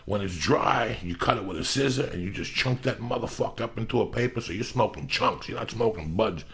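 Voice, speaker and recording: A man in his fifties hosting a podcast, swearing freely and ranting loudly with sudden shouting bursts. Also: fairly low pitch, brisk. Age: 50s. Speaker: podcast host. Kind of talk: loose profane podcast rant.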